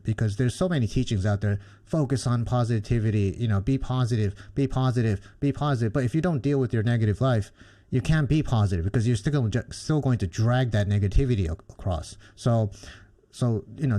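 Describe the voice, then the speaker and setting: A man's voice: fairly low pitch, warm tone. A man hosting a podcast interview, speaking thoughtfully and rambling a little with fillers. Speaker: podcast host.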